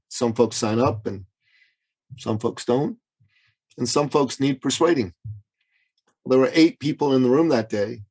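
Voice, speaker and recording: A man's voice: darkish tone, poor audio. A man, a business coach born in Iran, telling a story as an interview guest, acting out the quotes with big swings in voice and pacing. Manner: dramatic, acts out quotes with big pitch swings. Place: Toronto. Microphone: remote call.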